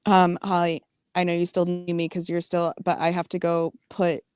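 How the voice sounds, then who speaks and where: A woman's voice: on the low side, monotone, moderate pace, smooth, dry recording, clean studio sound. A woman co-hosting a casual livestream chat, giggly and playful, rambling as she talks. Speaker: livestream co-host.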